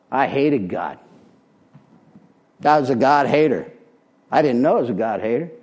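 A man's voice: medium pitch, darkish tone. Blunt plainspoken older man. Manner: blunt, plainspoken, street-wise. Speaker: recovery meeting speaker. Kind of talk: personal testimony talk.

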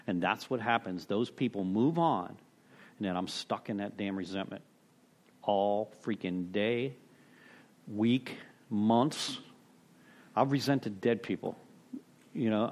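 A middle-aged man sharing at a recovery meeting, rambling through a story with many restarts, "you know"s and casual cursing. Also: fairly low pitch.

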